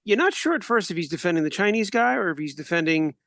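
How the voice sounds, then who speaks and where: A man's voice: sits high, lively intonation, quick pace, vocal fry, fairly bright tone, dry recording. Man musing on a TV show. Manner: reflective, hedging with fillers. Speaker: podcast co-host. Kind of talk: casual discussion.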